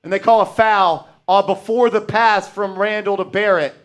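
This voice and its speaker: Guy doing fan play-by-play on a stream, slightly high voice, yells and cusses at bad plays. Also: moderate pace, soft background music. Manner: excitable, shouts and swears at bad plays. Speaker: live stream play-by-play host.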